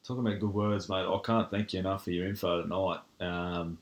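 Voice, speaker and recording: A man's voice: low voice, level tone, fairly quick. An Australian man hosting a podcast, chatting casually and calling his guest mate. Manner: laid-back, says mate a lot. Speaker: podcast host.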